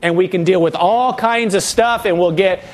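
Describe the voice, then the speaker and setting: A man's voice: high-pitched, normal speed. A man preaching a sermon, reading verses aloud and briefly mimicking the complaining people in a whiny voice. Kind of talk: expository sermon reading scripture.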